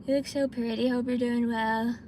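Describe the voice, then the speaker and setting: A woman's voice: fairly high pitch, flat delivery, normal speed, darkish tone, a little hiss or hum. A young woman streaming from her parked car, chatting to viewers and ranting with plenty of swearing. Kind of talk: casual live-stream chat.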